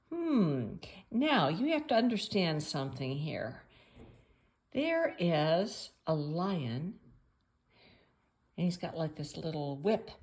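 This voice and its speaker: A woman reading a picture book aloud at home for children, playful and chatty, pausing to ask the listener questions. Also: fairly low pitch.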